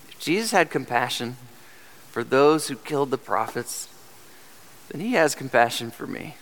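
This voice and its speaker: A man's voice: mid-range voice, animated, normal speed, fairly bright tone. A man preaching a sermon as pastor, earnest and direct, asking the congregation rhetorical questions. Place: church sanctuary. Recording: long hall reverb.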